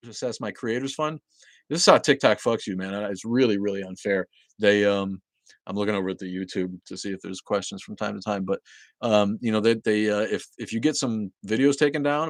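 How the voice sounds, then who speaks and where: A man hosting a casual livestream from home, greeting viewers loudly, coughing often and swearing casually. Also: fairly low pitch, no room sound. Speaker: livestream host. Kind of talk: casual livestream chat reading viewer comments. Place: at home with a dog nearby.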